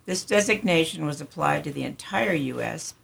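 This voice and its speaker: Older woman, radio host, scratchy and gravelly, husky, measured and friendly. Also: low-pitched, expressive. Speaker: radio show host, retired doctor. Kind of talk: hosting a radio health show. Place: community radio studio.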